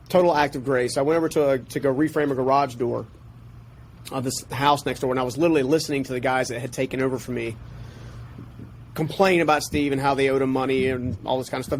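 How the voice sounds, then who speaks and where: A man telling a personal story as a podcast guest, in an animated, passionate way. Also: medium pitch, brisk, a little hiss or hum.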